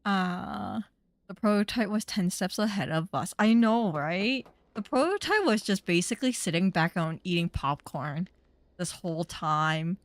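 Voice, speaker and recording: A woman's voice: lowish voice, lively intonation, measured pace, no echo. A young woman streamer giving casual, chatty gaming commentary that turns indignant and rambling.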